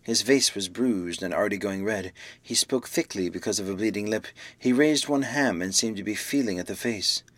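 A man reading a classic novel aloud, with measured, dramatic storytelling. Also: lowish voice, a bit bright, no echo. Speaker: audiobook narrator. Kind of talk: scripted narration of a classic novel.

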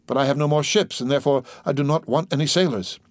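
A man's voice: fairly high pitch, fast, no echo, pitched above the performer's own voice, lightly acted. Give me a man playing a mournful middle-aged ship-owner, formal and grave.

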